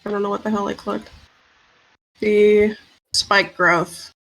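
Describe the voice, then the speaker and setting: A woman's voice: medium pitch, flat delivery, takes it slowly, fairly bright tone, low-quality recording. Blunt swearing woman playing a tabletop game. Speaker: player. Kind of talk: casual game chat.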